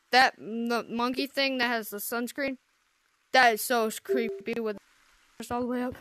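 A woman's voice: a little high, a bit bright. A woman commenting casually on her gameplay, jumpy and easily startled, complaining as she goes. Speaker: game streamer.

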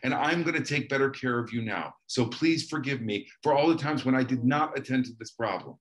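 A man's voice: medium pitch, a little fast, a bit bright. A man as an interview guest, speaking earnestly and reflectively, often repeating words and restarting as he searches for phrasing. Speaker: guest author.

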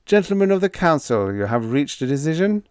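A smooth, courteous colonial governor in a sci-fi audiobook, as a male narrator puts him on, his voice raised well above the narrator's own. He speaks formally and evenly, and the recording is close and dry. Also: fairly high pitch, big pitch swings, fairly quick, a little mellow, no echo, pitched above the performer's own voice.

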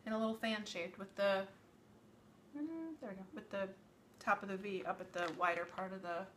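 A woman in her thirties chats her way through a live cooking demo in her home kitchen, with a middle-pitched voice that sounds a little worn. She rambles and often corrects herself mid-sentence. A faint noise sits under her voice. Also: little pitch movement, normal speed, fairly bright tone. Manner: chatty, rambling, with frequent self-corrections. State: voice slightly worn. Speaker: home cook hosting a live cooking stream. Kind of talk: live cooking demonstration, casual chat.

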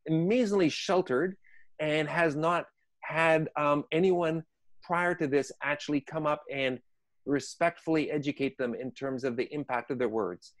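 A man's voice: fairly high pitch, a little slow. A man who trains people in conflict management, explaining ideas conversationally and acting out inner voices in short asides. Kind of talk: conversational teaching on a podcast.

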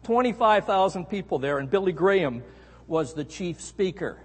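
A middle-aged Canadian man preaching a sermon, telling a story with animated emphasis on key words. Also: high voice, normal speed, husky. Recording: echoey hall.

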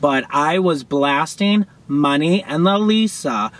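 A young man reacting to a music video from his car, gushing and sassy, with loud outbursts and laughter. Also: a little high, lively intonation, takes it slowly. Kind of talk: excited reaction commentary. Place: in a parked car outdoors.

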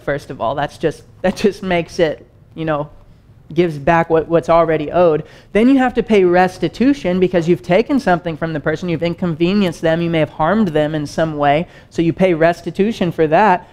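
Male pastor, slightly high voice, conversational teaching sermon, rhetorical questions. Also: normal speed, a little mellow.

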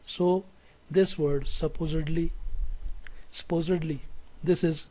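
A man with a Pakistani English accent teaching a recorded English lesson, slow and deliberate, repeating words for students to say along. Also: on the high side, fairly even intonation, dark tone, low-quality recording. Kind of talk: recorded classroom lecture.

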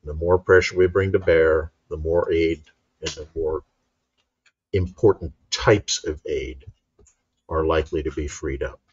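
Deep-voiced, earnest male panelist; dull lo-fi remote mic. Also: fairly even intonation, measured pace, husky, no echo. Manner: earnest, urging. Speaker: panel guest. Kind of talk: casual live-stream chat.

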